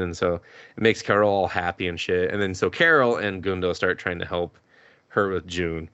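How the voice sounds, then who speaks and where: A man's voice: sits low, brisk, a bit bright, smooth, dry recording, dull audio. A man hosting a podcast, casually recapping an anime, swearing freely and laughing as he retells scenes. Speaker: podcast host.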